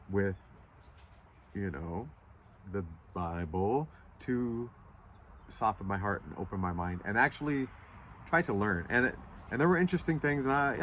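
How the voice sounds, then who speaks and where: A man's voice: on the low side, pushed and bright, slight background noise. Earnest rambling man reading tarot outdoors. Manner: rambling, earnest, emotional, with many restarts. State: choked up, stuffy nose. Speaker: tarot reader. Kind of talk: casual spiritual tarot reading. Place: outdoors in nature. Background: birds and passing vehicles.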